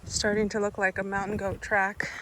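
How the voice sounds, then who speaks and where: A woman's voice: medium pitch, completely flat delivery, moderate pace, a bit bright, slight background noise, poor audio. A woman with a North American accent, narrating her solo travel vlog in a bubbly, gushing way, filmed on a handheld camera outdoors and in a motel room. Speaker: travel vlogger.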